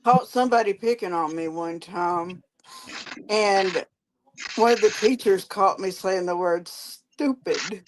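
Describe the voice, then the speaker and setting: A woman's voice: medium pitch, takes it slowly, noisy background. A woman on a panel chat, recalling school days with short, plain remarks.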